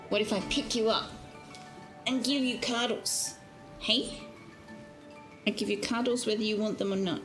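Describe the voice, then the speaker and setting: A woman's voice: a little high, fairly even intonation, measured pace, pauses often, music in the background. A woman streamer in a casual live-stream chat, teasing her viewers and cooing at her cat, speaking into a desk microphone at home. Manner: chatty, teasing, talks to her cat in baby talk.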